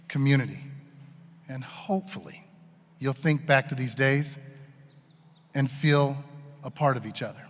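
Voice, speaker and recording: A man speaks at a graduation ceremony, telling a joking story about his family. His voice sits at an ordinary middle pitch. It carries a long echo from the stadium's public address system. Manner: storytelling with self-deprecating humor. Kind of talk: commencement speech. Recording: reverberant public address sound.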